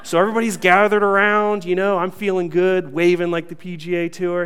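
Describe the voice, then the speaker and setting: A young male pastor with a somewhat high voice tells a self-mocking story to his congregation. His delivery is lively and playful. The sound carries a long reverb from a large hall. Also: fairly quick, hardly any pauses, clean tone. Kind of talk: sermon with humorous story.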